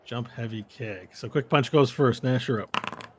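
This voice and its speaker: A man's voice: medium pitch, unhurried, noisy background. A man running a tabletop game as game master, checking rules and narrating the action in a playful way.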